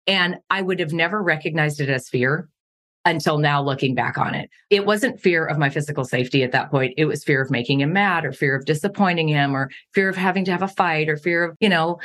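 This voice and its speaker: A woman's voice: low voice, brisk, fairly bright tone. A middle-aged woman from Montana telling her life story candidly as a podcast guest, earnest and laughing at painful memories.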